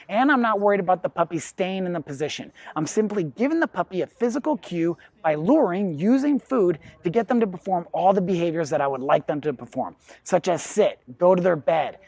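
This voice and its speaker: A dog trainer talks through puppy lessons in a methodical, matter-of-fact way and leans on everyday comparisons. The voice sits in a middle pitch. It is recorded dry, with no room echo. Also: a little mellow. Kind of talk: instructional talk to camera.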